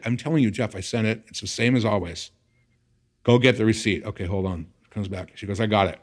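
The guest here is a middle-aged man from California's San Fernando Valley, talking fairly quickly. His interview story comes alive as he plays out past conversations, his voice shooting up high in excitement.

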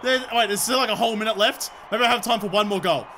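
A young Australian man commentating his own football video game, shouting and cheering at the plays and joking along. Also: high voice, quick pace, slight background noise. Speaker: gaming video creator. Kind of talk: excited gameplay commentary.

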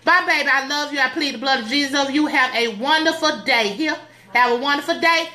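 A woman's voice: high voice, fast, sharp tone. A woman giving playful, sassy, preachy advice in a comedic skit, recorded indoors at home. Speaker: comedic church advice host.

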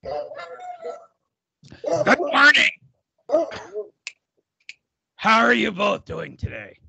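A man's voice: high voice, big pitch swings, extremely slow, creaky, crowd noise, heavily acted. A man doing a comic impression of a crude old male boxing promoter with a put-on New York accent, rambling and self-mocking. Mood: mock-formal. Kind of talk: comic impression on a sports radio show.

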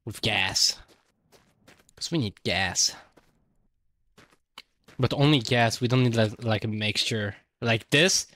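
A man's voice: fairly low pitch, slow pace, long pauses, pushed and bright, dry recording. Profane, casual male game streamer. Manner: loose, profane, thinking aloud. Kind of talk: casual gameplay commentary.

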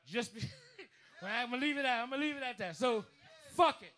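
High-voiced New man, profane and rambling. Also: animated, a little fast, sharp tone. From New Orleans. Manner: profane, rambling, lots of restarts. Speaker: drummer and bandleader. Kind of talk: onstage storytelling speech. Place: live music bar stage.

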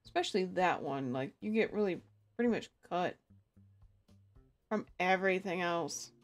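A woman's voice: on the low side, animated, moderate pace, soft background music. A young woman streamer chatting casually with her viewers, giggling and laughing often. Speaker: game streamer. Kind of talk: casual live-stream chat.

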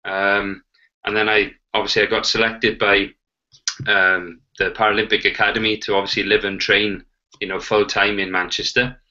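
Sex: man. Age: 40s. Origin: Wales. Role: interview guest. Style: animated storytelling with quoted dialogue. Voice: lowish, bright, forceful. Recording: dull, lo-fi. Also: normal speed. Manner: animated, acts out quoted dialogue, frequent "you know". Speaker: guest, Paralympic cyclist. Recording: dull lo-fi audio.

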